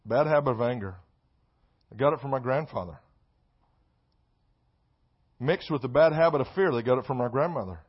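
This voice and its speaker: A man preaching a sermon, repeating key phrases and swinging between quiet asides and shouted emphasis. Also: mid-range voice, slightly rough. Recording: dull lo-fi sound.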